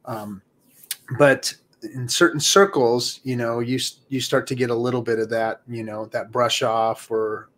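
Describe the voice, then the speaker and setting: A man's voice: mid-range voice, fairly even intonation, a little slow, a bit bright, a little hiss or hum. A man in a casual panel discussion, talking emphatically and repeating points for stress. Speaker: host. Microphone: video call.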